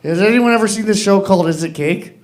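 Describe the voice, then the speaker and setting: A young man doing halting, rambling stand-up at an open mic on a club stage. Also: sits high. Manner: rambling, halting, lots of fillers and restarts. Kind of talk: stand-up comedy. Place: comedy club stage with audience.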